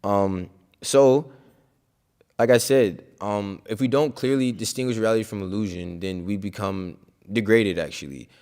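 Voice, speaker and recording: A man's voice: fairly low pitch, moderate pace, darkish tone. Outspoken man giving a casual religious talk. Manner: conversational, full of "like" and "you know"; emphatic and outspoken. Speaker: speaker at a scripture class.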